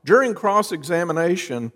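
A man preaching a sermon as a pastor, with dramatic swings between soft, low lines and loud, emphatic ones. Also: normal speed. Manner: dramatic preacher, lively rises and drops in pitch and volume. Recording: long reverb of a large hall.

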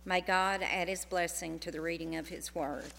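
A woman reading a Bible passage aloud in church in a measured, formal way. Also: on the low side, fairly even intonation, creaky, fairly bright tone, a little hiss or hum. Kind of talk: scripture reading. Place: church sanctuary. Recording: long hall reverb.

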